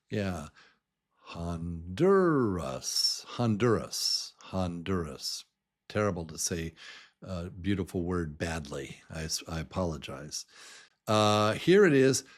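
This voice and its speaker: A man teaching English, slowly repeating words and stressing their syllables. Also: sits low. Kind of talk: slow pronunciation drill. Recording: noisy background hiss.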